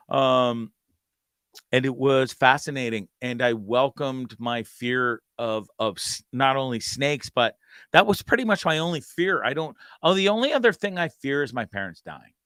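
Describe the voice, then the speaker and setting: A man's voice: medium pitch, fairly bright tone, smooth, no echo. A male host telling a rambling, profane story with many stammered restarts. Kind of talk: casual storytelling.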